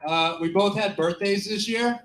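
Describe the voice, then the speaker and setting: A man of twenty-six starting a stand-up set in a small club, halting with many "uh"s. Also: high voice, background noise. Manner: halting, lots of "uh"s. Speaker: stand-up comic. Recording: roomy club echo.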